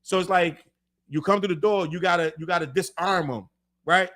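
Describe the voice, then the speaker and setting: A man co-hosting a podcast in casual chat, rapid and animated, cursing freely and repeating words as he restarts. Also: sits high. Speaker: podcast co-host.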